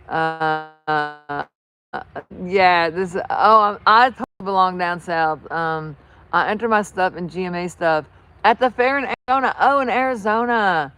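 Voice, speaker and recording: A woman's voice: lowish voice, lively intonation, moderate pace, a bit bright. A woman with a New Jersey accent chatting casually on a livestream, rambling and laughing often. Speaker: livestream host. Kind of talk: casual livestream chat with viewers. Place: outdoors with horses.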